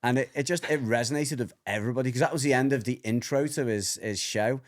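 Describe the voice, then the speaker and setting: A man's voice: medium pitch, fast talker. A middle-aged man, co-hosting a podcast in casual, rambling chat, repeating himself and laughing often. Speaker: podcast co-host, dog trainer.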